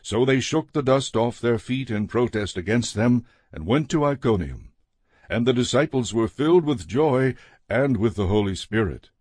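A man's voice: mid-range voice, slightly rough, dry recording. Man reading scripture, dry close sound. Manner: measured, steady reading. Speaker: scripture reader.

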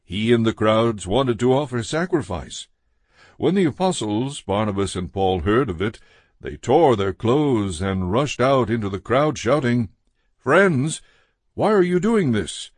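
A man's voice: lowish voice, dry recording. Man reading scripture, dry close sound. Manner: measured, steady reading. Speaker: scripture reader.

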